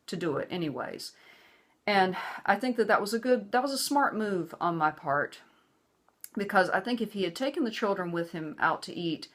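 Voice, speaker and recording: A middle-aged woman telling a personal story to camera, earnest and emphatic, giving lecturing advice. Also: lowish voice. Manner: acts out quoted voices, hushed and soothing or raised and angry. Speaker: vlogger.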